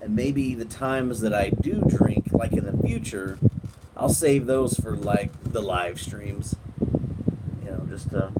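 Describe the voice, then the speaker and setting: Slow, rambling man chatting outdoors in the wind. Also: on the low side. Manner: relaxed and rambling, chatting to viewers, trailing off and restarting. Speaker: live stream host. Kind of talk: casual live stream chat. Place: outdoors at night, windy, on a porch. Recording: wind noise on the mic outdoors.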